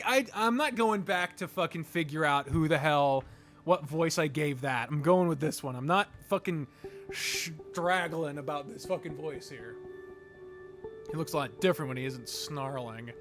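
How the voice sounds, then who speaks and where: A man's voice: a little high, normal speed, faint music behind. A man playing a text game, reading the story aloud and chatting along, cursing freely. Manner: animated, swears freely. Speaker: let's play gamer.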